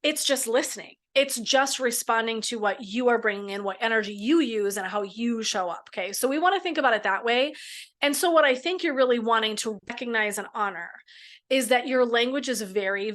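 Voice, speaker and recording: A woman's voice: on the high side, fairly bright tone. A middle-aged woman, a midlife coach and therapist, guiding listeners through a mindset exercise in a frank, casual way with the odd swear word. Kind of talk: coaching talk in a podcast.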